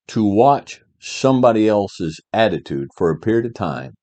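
A man's voice: deep voice, darkish tone. A middle-aged man giving a motivational talk to young men, emphatic, repeating key phrases and checking in with "all right?". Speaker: podcast host giving life advice.

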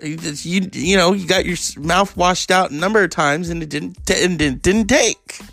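Guy doing his old granny, higher voice, gravelly, scolding and chiding you for your mouth. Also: moderate pace, a bit bright, faint music behind, full character voice. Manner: chiding, lecturing. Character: scolding elderly grandmother, stern and disapproving.

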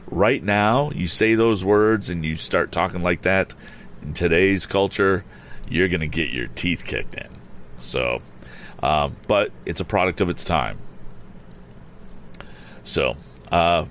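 A man's voice: deep voice, takes it slowly, long pauses, a bit bright, slight background noise. A man reading an old storybook aloud and breaking off now and then for wry, joking asides. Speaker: audiobook reader. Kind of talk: storybook narration with casual asides.

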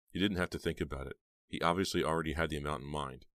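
A man reads a horror novel aloud in a very deep, steady voice. His delivery is measured and even. The recording is dry and close. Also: no echo. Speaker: audiobook narrator. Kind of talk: audiobook reading of a horror novel.

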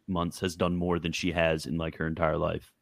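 A man's voice: extremely low pitch, monotone, moderate pace, vocal fry. A man hosting a casual group chat, reading aloud from his screen and reacting bluntly with frequent laughs. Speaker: host.

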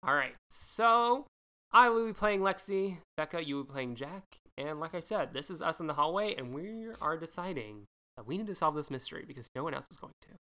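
Woman podcast co-host, lively and bright, slightly low voice. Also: fairly quick. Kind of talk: casual chat.

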